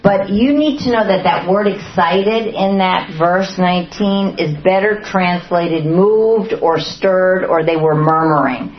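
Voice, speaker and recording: In a dull, roomy lo-fi recording with slight background noise, a woman with a lowish voice leads a group Bible study at a measured pace and few pauses. She poses many questions to her listeners and dramatizes the quotes she reads.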